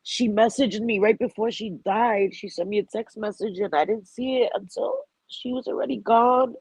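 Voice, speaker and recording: A woman's voice: on the high side, steady tone, moderate pace, a little mellow, breathy edge, no room sound, rough recording. A woman hosting a live stream, talking heartfelt and rambling about grief, with a stuffy nose and frequent laughter. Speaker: livestream host. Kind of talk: emotional live-stream chat.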